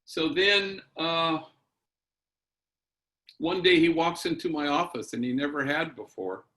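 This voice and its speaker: A middle-aged man, a priest, telling a story in a keynote talk, unhurried and full of fillers, with Spanish slang mixed in. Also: fairly high pitch, bright, forceful tone.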